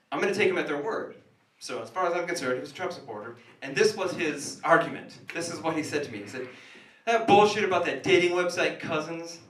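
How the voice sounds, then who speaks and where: A man's voice: mid-range voice, fairly bright tone. A man doing stand-up comedy in a small café, rambling and sardonic, recorded from a distance in an echoey room. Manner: rambling, self-interrupting, sardonic.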